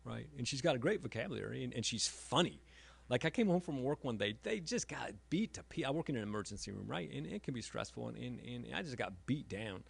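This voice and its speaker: Halting author talk, gravelly middle-aged man, stumbles over words, dry self-mocking humor. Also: medium pitch, lively intonation. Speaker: author and emergency room doctor. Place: library event room.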